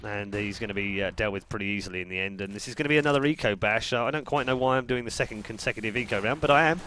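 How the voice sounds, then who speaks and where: A man's voice: lowish voice, rapid-fire, bright, forceful tone, a little hiss or hum. A man from England casting a live esports match, chatty and joking with his co-caster, his throat getting sore.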